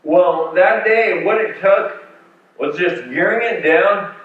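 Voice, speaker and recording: A man with a high-pitched voice slowly relates a patient story in a slide talk, stumbling through many fillers and restarts. The sound is phone-like, picked up by a faraway mic in an echoing hall.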